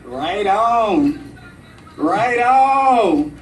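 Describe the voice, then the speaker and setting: A man's voice: sits high, big pitch swings, extremely slow, a little hiss or hum, full character voice. A man doing a pushy woman reporter. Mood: bossy. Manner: pushy, commanding. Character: bossy woman news reporter. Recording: echoey room, from far off.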